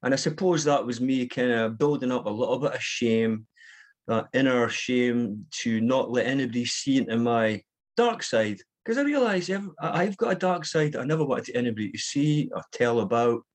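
Husky man sharing his story. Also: mid-range voice, expressive, normal speed. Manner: candid, rambling, with frequent fillers and restarts. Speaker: recovery meeting speaker. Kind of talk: personal recovery share.

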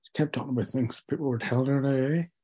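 A middle-aged man recounts his past with candid, self-mocking honesty, stumbling over fillers. His voice is husky and mellow. He sounds close to tears. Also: mid-range voice, steady tone, very fast. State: tearful. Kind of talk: personal storytelling to an interviewer.

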